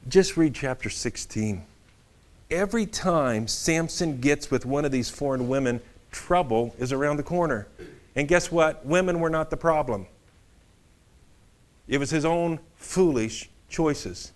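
A male pastor preaching a sermon in a conversational, animated storytelling way. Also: on the high side, measured pace.

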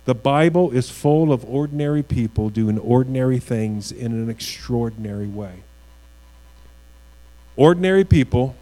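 In this low-quality recording, with a low mains hum in the background, a pastor gives a sermon. His voice is warm and mellow, sincere and somewhat hesitant, and he repeats words while working toward key lines.

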